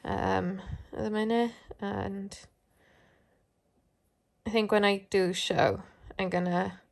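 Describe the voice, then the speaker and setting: A dog show handler chats casually into a handheld phone at home, rambling with plenty of fillers in a vlog style. Her voice is mid-range and gravelly, with fairly even intonation and a slow pace.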